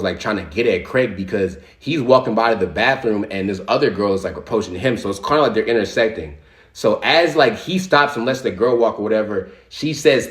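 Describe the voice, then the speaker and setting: A young man with a slightly low voice tells a casual storytime to his viewers. He talks in loose slang with plenty of swearing, fillers and quick asides to the audience. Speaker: social media storyteller.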